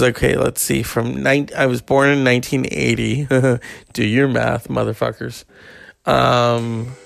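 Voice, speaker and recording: A man's voice: creaky, no echo. A man in his forties rambling and ranting in a profane monologue, often swearing and mocking people. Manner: ranting, swearing, mocking others in high put-on voices.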